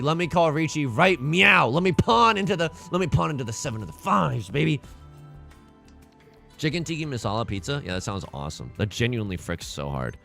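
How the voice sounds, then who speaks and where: Male streamer, animated and joking, bright tone, some fry, faint music bed. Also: on the high side, fast. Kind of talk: casual gaming livestream chat.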